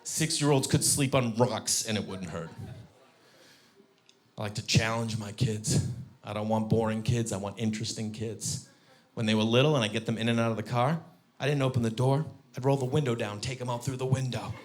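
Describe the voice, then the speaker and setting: A man in his thirties doing a stand-up comedy set on stage, telling animated stories and breaking into high squeaky voices for his kids. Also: brisk, slight background noise. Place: comedy stage before a live audience.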